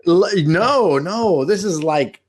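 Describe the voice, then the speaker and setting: A man co-hosting a podcast in casual chat, joking and animated, with slangy talk. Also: sits high, slow pace. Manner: joking, animated, slangy, puts on funny voices. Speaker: podcast co-host.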